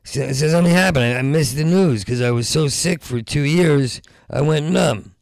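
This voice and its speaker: Stand-up comic, male: heavy vocal fry, dry sound, stuttering and ranting. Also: on the high side, normal speed, no room sound. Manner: rambling, stuttering restarts, rising into loud rants. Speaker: stand-up comedian. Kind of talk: stand-up comedy set.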